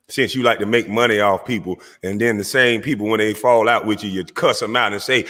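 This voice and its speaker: A man's voice: on the low side, normal speed, a bit bright, big-room sound. A man hosting his own livestream, delivering a heated, mocking call-out aimed straight at a rival. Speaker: livestream host. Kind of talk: confrontational call-out rant.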